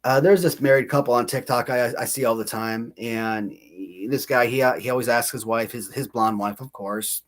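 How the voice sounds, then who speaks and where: A man's voice: medium pitch, steady tone, moderate pace, few pauses. A man in his thirties hosting a casual livestream, rambling and laughing at himself between stories. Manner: rambling, self-mocking, laughs often, many restarts. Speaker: channel host.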